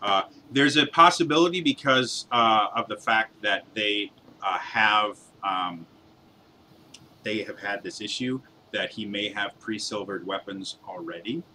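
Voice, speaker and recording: A man narrating as the game master of a tabletop game, hesitant, with many pauses and fillers. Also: lowish voice, bright, forceful tone, a little hiss or hum.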